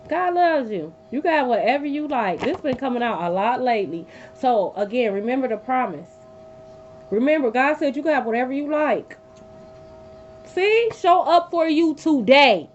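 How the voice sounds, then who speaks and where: A woman with a fairly high, darkish voice gives a live tarot reading from her bed. Blunt and profane, she repeats her points for emphasis, and the dull lo-fi recording carries a faint hum.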